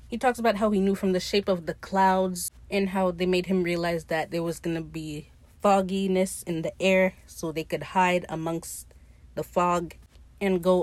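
Young female podcast host, casual and profane, mid-pitched, dry close recording. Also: no echo. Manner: chatty, profane, animated retelling with paraphrased character quotes. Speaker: podcast host recapping a show. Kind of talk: casual recap chat.

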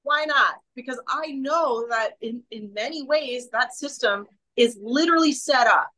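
A woman's voice: fairly high pitch, normal speed, a bit bright, rough recording. A woman, a guest in a casual interview, talking with emphatic passion and often restarting her sentences. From Canada.

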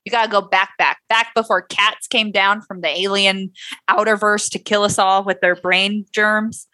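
A woman's voice: medium pitch, fairly even intonation, normal speed, sharp tone. A young woman co-hosting a podcast, playful and sarcastic, swearing casually as she presents a history topic. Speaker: podcast co-host.

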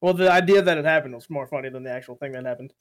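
High-voiced young man, laughing a lot. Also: very fast. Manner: laughs often, animated reading. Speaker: group member reading AI jokes. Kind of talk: casual chat.

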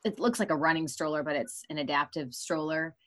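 A woman's voice: low-pitched, a little fast, fairly bright tone. A woman hosting a podcast, talking frankly and conversationally and often laughing mid-sentence. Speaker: podcast host. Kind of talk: casual interview talk.

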